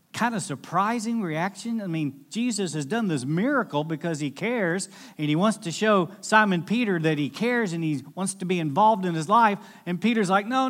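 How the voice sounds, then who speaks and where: A man preaching a sermon as a pastor, telling a scripture story with lively acted-out voices. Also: high voice.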